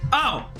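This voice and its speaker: A tipsy woman streaming a game, reading its text aloud and rambling off on tangents in an excitable, profane way. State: tipsy from drinking.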